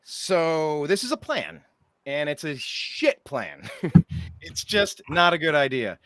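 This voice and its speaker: A male talk show host with a lively voice that swoops up and down, sitting a little high for a man. He sounds exasperated and mocking in casual chat. The sound is dry and close. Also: slow pace, no room sound. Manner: animated, exasperated, mocking asides.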